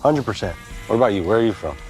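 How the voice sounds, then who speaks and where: An actor playing a menacing armed soldier who interrogates captives in a cold, threatening, mocking way. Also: male voice, fairly low pitch, animated, fast talker, a little mellow, faint music behind, lightly acted.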